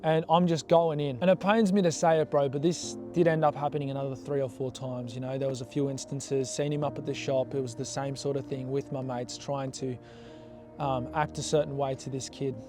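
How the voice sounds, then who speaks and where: A young man telling a story from his past in a casual, animated way, blunt and swearing freely. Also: medium pitch, a little fast, over music. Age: young adult.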